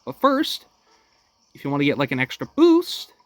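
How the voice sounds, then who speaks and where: A man's voice: on the high side, wildly swooping pitch, moderate pace. A young man hosting a casual game walkthrough, talking each step through in an upbeat, chatty way at home. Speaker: gaming channel host.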